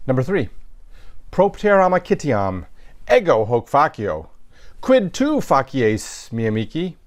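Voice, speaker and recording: Speaking in a sing-song, medium-pitched voice at a slightly slow pace, a man teaches Latin in a recorded lecture. He works through sentences methodically, step by step, with the odd filler and self-correction.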